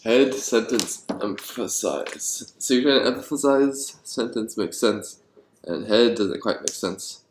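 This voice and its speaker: A man designing board games and thinking aloud, rambling and getting excited about his ideas, with many ums. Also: fairly low pitch, slow pace, a little hiss or hum. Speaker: board game designer vlogger. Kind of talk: thinking aloud while brainstorming. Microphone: handheld camera. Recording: echoey room.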